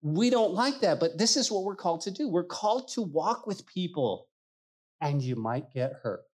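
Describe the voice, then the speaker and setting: A man preaching a sermon as pastor, animated and emphatic, acting out the people he quotes. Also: high voice, normal speed, breathy edge.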